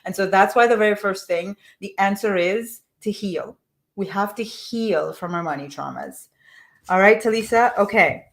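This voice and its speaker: A woman's voice: medium pitch, normal speed, vocal fry. A woman money mindset coach leading a live coaching call, reading a listener's message aloud and asking her audience to reflect on it.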